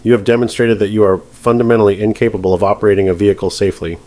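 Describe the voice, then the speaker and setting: Man doing a calm, stern judge, low voice. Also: close to an everyday voice. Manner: calm, measured, precise delivery. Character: stern older male judge, calm and measured. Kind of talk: scripted narration.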